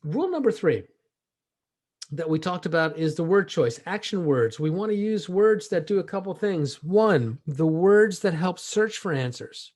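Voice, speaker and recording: Man, sales trainer, slightly high-pitched, animated delivery, varies volume and pace. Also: unhurried. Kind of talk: training presentation.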